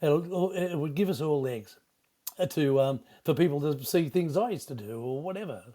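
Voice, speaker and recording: Older Aussie man, veteran radio voice, warm and unhurried, rambling recollections. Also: a little high, expressive. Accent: Australian. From Australia. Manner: rambling, halting, many restarts. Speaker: veteran radio broadcaster, guest. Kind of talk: casual reminiscing interview.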